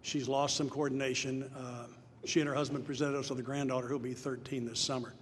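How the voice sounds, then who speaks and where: A man's voice: medium pitch, flat delivery, brisk. Older man, earnest testimony, long hall reverb, faint background hiss. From Nashville, Tennessee. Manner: earnest storyteller, rising to loud emphatic punches. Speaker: speaker at a recovery meeting. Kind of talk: personal testimony talk. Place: large hall before an audience.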